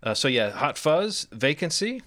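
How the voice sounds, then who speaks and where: A man's voice: a little high, big pitch swings, unhurried, fairly bright tone. A man co-hosting a podcast in casual movie chat, playful, spinning absurd riffs and reading lists aloud. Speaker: podcast co-host.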